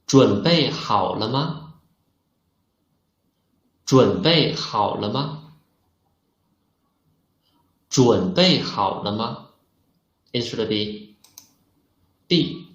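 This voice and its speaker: Male language teacher, slow and patient, roomy echo. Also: mid-range voice, expressive, highs cut off. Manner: slow, patient, models pronunciation. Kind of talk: online language lesson.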